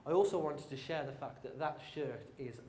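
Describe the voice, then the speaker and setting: A man with a Brummie accent giving a lively, joking marketing talk to a live conference audience, addressing the crowd directly. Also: a little high, normal speed, a little hiss or hum. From England. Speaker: conference speaker. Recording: roomy hall sound.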